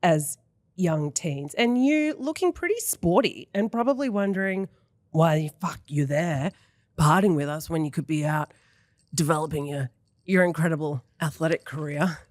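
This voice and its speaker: A woman's voice: sits low, expressive, normal speed, a little mellow, no echo. Effusive, swearing woman podcast host. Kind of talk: casual interview chat. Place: podcast studio.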